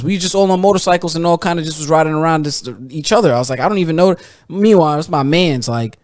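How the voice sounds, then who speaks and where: A man's voice: fairly high pitch, fast. A man on a podcast telling a profane story in casual chat. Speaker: podcast co-host.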